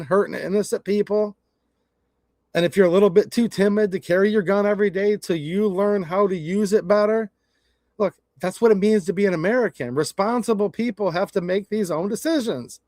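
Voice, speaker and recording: A man with a high voice for a man gives casual opinion commentary to camera, blunt and folksy. The sound is dry and close, with little room reflection. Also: a little mellow, dry recording. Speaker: channel host.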